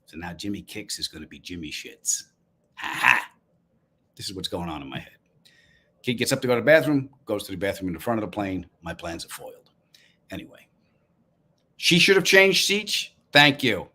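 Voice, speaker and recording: Man, Long Island accent, comedian, live-stream chat, wry deadpan storytelling. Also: low-pitched, brisk, breathy edge. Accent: Long Island New York. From Long Island, New York. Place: apartment room, indoors.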